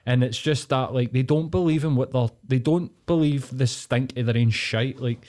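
A man hosting a casual podcast, ranting with lots of swearing and drawn-out pauses. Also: mid-range voice, a little mellow. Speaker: podcast host.

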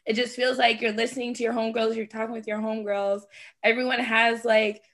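A Canadian woman with a slightly high, gravelly voice leads a relaxed podcast chat. She talks in lively, slangy bursts and laughs easily. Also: fairly quick. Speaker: podcast host. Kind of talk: casual interview chat.

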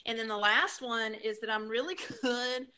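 A woman's voice: a little high, moderate pace, sharp tone, smooth. A woman co-hosting a casual chat, telling stories loosely with lots of "like" fillers. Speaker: podcast co-host.

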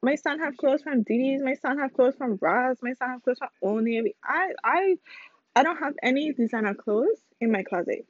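A woman's voice: sits high, expressive, normal speed, dry recording, dull audio. A young woman chatting casually to her viewers while eating, speaking straight to them on her phone. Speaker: vlogger. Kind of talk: casual chat to camera.

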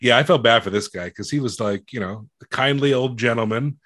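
A man's voice: mid-range voice, fairly quick, a bit bright, dry recording. A man chatting bluntly about a movie, swearing freely and trailing off into mumbles. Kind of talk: casual chat about a movie.

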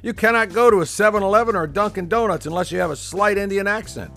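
Man doing a shrill mocking old politician. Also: quick pace, creaky, fairly bright tone, soft background music. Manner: shrill, exaggerated, taunting. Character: mocking impression of an elderly male politician.

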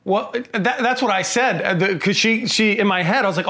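Male co-host, fairly high voice, exasperated and stammering casual film critique. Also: a little fast, bright, forceful tone. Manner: stammering restarts, exasperated complaining. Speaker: podcast co-host. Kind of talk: casual film review chat.

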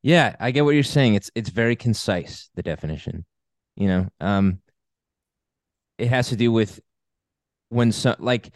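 Upbeat lower-voiced male podcast host. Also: expressive, measured pace, long pauses, dry recording, clean studio sound. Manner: upbeat, explains definitions at length. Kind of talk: casual conversational podcast.

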